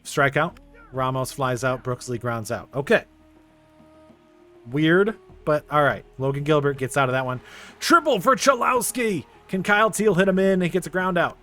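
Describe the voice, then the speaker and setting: Young man, gaming commentary, play-by-play, slightly high voice, easily frustrated. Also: animated, fairly bright tone, faint music behind. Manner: play-by-play narration, quickly frustrated. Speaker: gaming YouTuber. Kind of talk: casual video game commentary.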